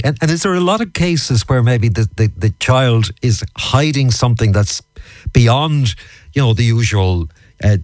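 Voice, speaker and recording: A man hosting an interview, asking long questions with halting restarts. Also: on the low side, no room sound. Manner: halting, many restarts and fillers. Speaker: podcast host.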